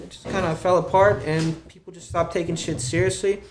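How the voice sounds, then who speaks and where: A man's voice: sits high, fast talker, roomy sound, slight background noise. A young man guesting on a podcast, telling stories in a loose, profane way with lots of fillers. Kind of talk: casual podcast chat.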